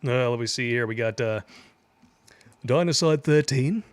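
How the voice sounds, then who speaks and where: A man's voice: medium pitch, a little slow, no echo. A man co-hosting a casual livestream talk show, reading viewer donations with a sarcastic, mocking edge and frequent laughter. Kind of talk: casual chat.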